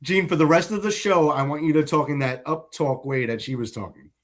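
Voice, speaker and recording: A man's voice: a little high, brisk. A man co-hosting a political talk show, blunt and profane in his opinions. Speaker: co-host.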